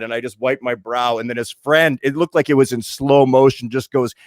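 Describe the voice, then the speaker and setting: A man from Winnipeg in his late forties, co-hosting a podcast and telling a story in lively casual chat, acting out the voices as he goes. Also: mid-range voice, moderate pace, hardly any pauses, dry recording, clean studio sound. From Winnipeg, Canada. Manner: animated storyteller, restarts and acts out voices. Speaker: podcast co-host.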